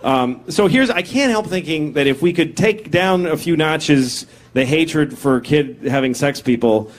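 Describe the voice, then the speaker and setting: A man's voice: a little high, measured pace. A man in his forties performing a stand-up comedy set, blunt, crude and self-deprecating, telling stories to a live audience. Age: 40s. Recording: live stage recording with crowd laughter.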